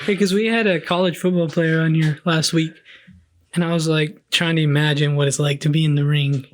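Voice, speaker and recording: A man's voice: on the high side, fairly even intonation, brisk. A man hosting a podcast in casual chat, asking crude questions and laughing easily. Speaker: podcast host.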